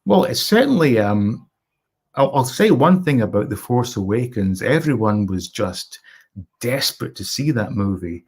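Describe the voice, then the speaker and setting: A man's voice: mid-range voice, animated, unhurried, darkish tone, slightly rough. A middle-aged man from Scotland hosting a casual live stream, reading viewer comments aloud and greeting chatters by name.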